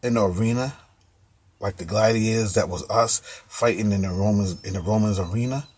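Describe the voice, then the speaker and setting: A man with a fairly low voice delivers an informal sermon. He reads scripture aloud, then drives his points home by repeating phrases in loose, casual street speech. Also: brisk, darkish tone, slightly rough. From United States. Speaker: preacher.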